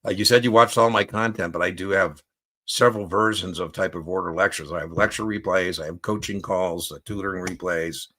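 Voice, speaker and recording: A man's voice: sits low, fairly even intonation, fairly quick, sharp tone. A man coaching exam takers on a live stream. He talks casually, often asks "right?", and tells stories from his own life as examples.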